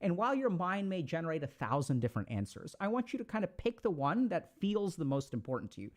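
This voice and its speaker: A man giving casual motivational advice in an animated, coaching way with slangy asides. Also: a little high, fast talker. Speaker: self-help speaker.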